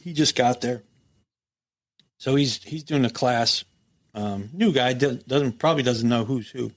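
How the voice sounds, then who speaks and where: In an unhurried, mid-range voice, a middle-aged ex-prison captain recounts war stories during a casual interview. His manner is animated and profane, with free swearing and acted-out dialogue.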